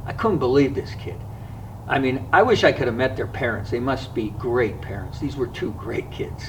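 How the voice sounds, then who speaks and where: A man of middle pitch tells a personal story in an earnest, reflective way, stopping now and then to find his words. He sounds set back from the microphone. A faint hiss of background noise runs underneath. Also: very animated, recorded from a distance, poor audio. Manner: earnest, reflective, often pausing to regather his thoughts. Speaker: fishing vlogger.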